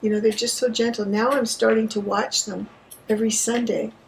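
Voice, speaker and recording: Gravelly-voiced Canadian woman chatting. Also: on the high side, flat delivery, a little fast, a little hiss or hum, low-quality recording. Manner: enthusiastic storyteller. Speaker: podcast co-host, yarn shop owner. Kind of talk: casual chat.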